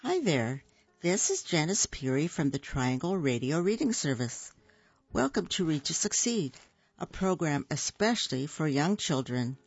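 A woman hosting a radio reading service, reading a children's picture book aloud in a clear, expressive storytelling manner. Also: deep voice, unhurried, no echo, soft background music. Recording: dull dry studio recording.

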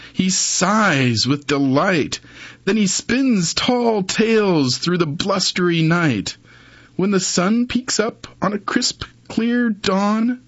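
A man reading children's stories and poems aloud in an expressive, sing-song way. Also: sits high, breathy edge, no echo. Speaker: storyteller. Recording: dull muffled recording.

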